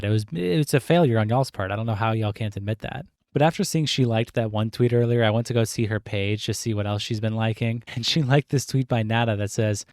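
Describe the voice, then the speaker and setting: A man's voice: lowish voice, a little mellow, clean tone, dry recording. Sarcastic man doing dry commentary. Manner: mocking, sarcastic, swears freely. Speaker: commentary YouTuber. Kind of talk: casual commentary.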